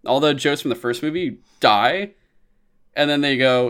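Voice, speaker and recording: A man co-hosting a podcast in casual chat, loose and profane, now and then jumping into shrill mock voices. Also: moderate pace, a bit bright, clean tone. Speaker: podcast co-host.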